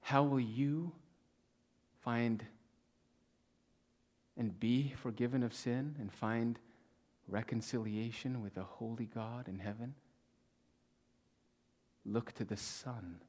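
A male pastor preaching a sermon to a congregation, reading scripture with slow stressed pauses and swinging between loud emphasis and hushed near-whispers. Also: fairly low pitch, husky. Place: church in front of a congregation.

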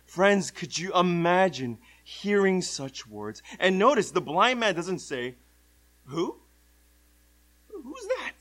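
A man preaching with a lively, sweeping pitch that sits a little high for a man. He drops to near whispers, then rises to loud, stretched-out cries. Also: a little slow, few pauses, poor audio. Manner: animated, swings from hushed to loud cries. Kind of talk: sermon.

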